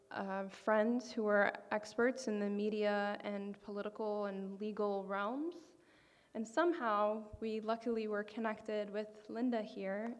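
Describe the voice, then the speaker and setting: A woman gives an earnest, emphatic speech to a banquet audience, her voice at an ordinary pitch. The sound rings with the long reverb of a large hall. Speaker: banquet speaker. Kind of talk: public speech.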